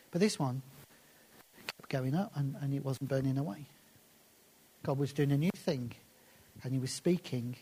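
A man preaching a sermon and reading scripture aloud, slowing down and dropping to soft, hushed phrases for emphasis. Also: mid-range voice, husky.

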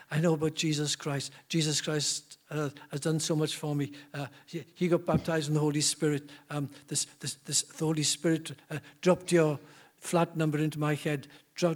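Brief: eager retired churchgoer, stammering, high voice, played by a preacher. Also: male voice, close to an everyday voice.

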